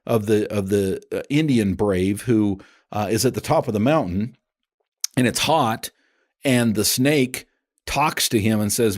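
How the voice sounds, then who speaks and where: A man's voice: on the low side, unhurried. A man hosting a coaching podcast, talking casually and chattily with lots of restarts. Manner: animated, chatty, many restarts. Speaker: podcast host and appraisal coach. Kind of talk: casual instructional podcast talk.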